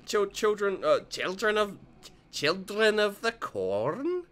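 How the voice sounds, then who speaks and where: A man's voice: sits high, sing-song, takes it slowly, fairly bright tone, pitched above the performer's own voice, exaggerated voice. A man voicing a friendly, good-humored suburban dad in a video game, coaxing playfully and stumbling over words.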